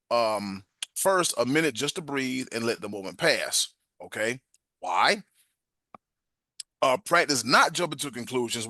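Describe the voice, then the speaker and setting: A male podcast host with a bright, forceful voice recorded close and dry. He reads a self-help passage aloud and trips over words now and then, then slips into animated, emphatic casual talk. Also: medium pitch, dry recording.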